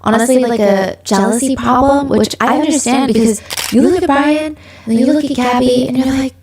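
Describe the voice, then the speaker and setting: A woman with a slightly high voice hosts a true-crime podcast. She tells the case in a chatty, lively way. She slips into the voices of the people she quotes. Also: brisk, a crowd in the background. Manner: chatty and animated, acting out quoted friends. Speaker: podcast host.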